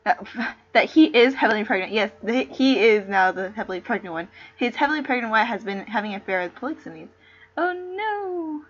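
A giggly woman chats with her stream and reads a play aloud, tripping over names and going off on tangents. Her voice is high and breathy. It comes through a computer microphone with a dull, lo-fi sound. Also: animated, fairly quick. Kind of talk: casual live-stream chat and reading.

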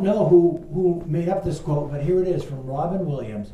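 A man, a pastor, leading a Bible study in a loose, animated teaching style and asking a helper to read verses aloud. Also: fairly high pitch, moderate pace, a little hiss or hum, low-quality recording. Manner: animated, talks straight to listeners and asks a helper to read verses.

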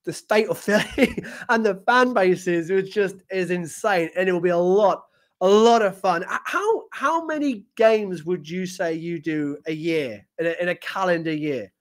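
A man's voice: high-pitched, a little slow. Enthusiastic podcast host man. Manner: enthusiastic, agreeable, laughs often. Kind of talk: casual interview chat.

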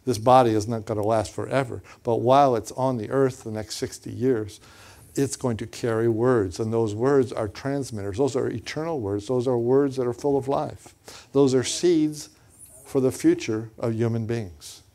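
A man preaching and telling a personal story in a lively way, often repeating words and acting out what others said. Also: medium pitch, moderate pace. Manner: animated, repeats words, acts out quotes. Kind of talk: storytelling sermon.

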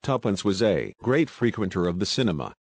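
A man reads a novel aloud at a steady, even pace. His voice sits on the low side. The recording is dry and close, with no room sound. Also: brisk, no room sound. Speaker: audiobook narrator. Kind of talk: scripted audiobook narration.

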